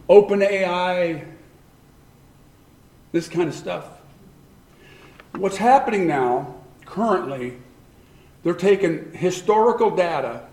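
A man's voice: high-pitched, a little mellow, reverberant. A man preaching a sermon in a conversational way, asking the congregation rhetorical questions. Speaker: pastor.

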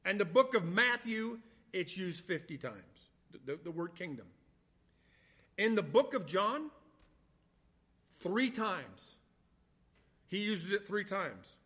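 A man preaching a sermon, reading scripture slowly and swinging between loud, stressed points and quiet asides. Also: high voice, lively intonation. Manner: reads scripture slowly and deliberately. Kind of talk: sermon, Bible teaching.

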